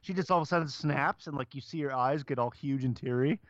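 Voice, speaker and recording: A man's voice: medium pitch, quick pace, no room sound, lo-fi sound. A man co-hosting a casual podcast who laughs easily and swears casually. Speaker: podcast co-host.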